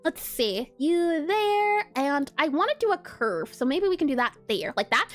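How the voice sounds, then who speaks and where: A woman's voice: sits high, sing-song, measured pace, few pauses, faint music behind. A woman streaming pixel art, chatting casually and bubbly as she draws, laughing often and answering her chat. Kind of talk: casual live-stream chat while drawing.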